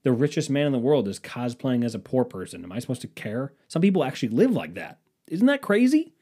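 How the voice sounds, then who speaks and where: A man chats loosely on a podcast, drifting from topic to topic with plenty of swearing and sarcasm. His voice is warm and mellow, at a middle pitch for a man. The delivery is casual and offhand. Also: animated, quick pace, husky. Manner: rambling, profane, sarcastic. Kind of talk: casual chat.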